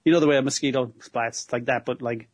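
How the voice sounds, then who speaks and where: A man's voice: medium pitch, fairly even intonation, fast talker, dry recording. A man co-hosting a casual podcast, recapping an anime episode, laughing often and swearing freely. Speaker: podcast co-host.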